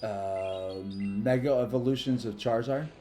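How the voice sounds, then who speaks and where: A man's voice: medium pitch, mellow, faint music behind. A man livestreaming a mobile game, chatting casually and rambling about his day between plays. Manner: rambling, chatty, quick to thank followers. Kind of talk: casual live stream chat while gaming.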